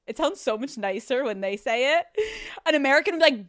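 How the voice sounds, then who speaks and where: Woman, podcast host, expressive storyteller who swears freely, slightly high voice, dry studio. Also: moderate pace, no echo. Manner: animated, acts out voices of others, swears freely. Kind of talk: solo storytelling chat.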